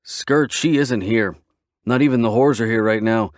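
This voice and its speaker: A man voicing a brash, excitable male biker who is cocky and crude, in a dry audiobook reading. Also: mid-range voice, normal speed, no room sound, close to an everyday voice. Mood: serious.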